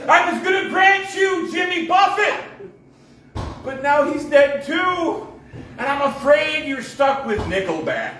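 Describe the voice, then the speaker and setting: Man doing stand-up at a coffee shop, sarcastic, ranting, lively high voice, echoey room heard from a distance. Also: measured pace, a little hiss or hum. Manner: sarcastic, mock-conspiratorial rants with frequent laughs. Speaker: comedian. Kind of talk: stand-up comedy set. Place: coffee shop open mic.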